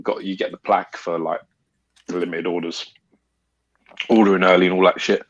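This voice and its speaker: Blunt, sweary man, low voice. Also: flat delivery, fairly quick, lo-fi sound. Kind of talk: casual chat.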